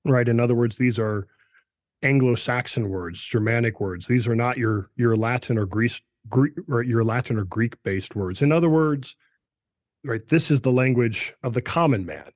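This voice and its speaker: A man's voice: medium pitch, moderate pace, no room sound. Middle-aged male professor, lecturing voice, dry close sound, keeps saying "right". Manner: peppers speech with "right" and restarts. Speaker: political science professor, guest. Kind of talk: explanatory discussion.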